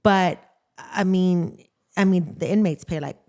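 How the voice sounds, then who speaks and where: A woman's voice: fairly low pitch, unhurried, mellow. A young adult woman co-hosting a podcast, chatting casually and laughing as she tells work stories as a correctional nurse. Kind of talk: casual chat.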